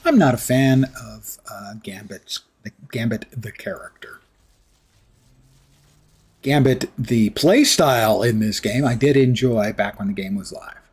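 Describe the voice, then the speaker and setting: Husky-voiced male streamer, dry sarcastic gameplay commentary. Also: mid-range voice, measured pace, darkish tone. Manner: sarcastic, wry asides to chat. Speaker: livestream gamer.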